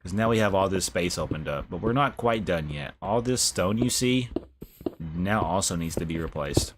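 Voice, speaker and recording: A man's voice: deep voice, normal speed, background noise. A young man live-streaming a game, chatting casually, swearing and saying bro a lot. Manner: laid-back, swears, says bro a lot. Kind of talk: casual gameplay commentary.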